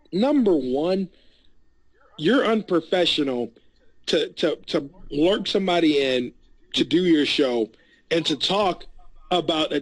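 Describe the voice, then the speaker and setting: A somewhat high-voiced man arguing heatedly on a podcast, tripping over repeated words as he pushes his point. The sound is dry and close, with no room around him. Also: no echo, low-quality recording. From San Antonio area. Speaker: podcast co-host. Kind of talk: casual debate.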